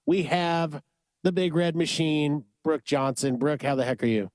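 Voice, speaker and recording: A man hosting a podcast in an energetic, casual way while sick and under the weather. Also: fairly high pitch, measured pace, no room sound. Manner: energetic, hypes up guests. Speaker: podcast host. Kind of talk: upbeat casual chat.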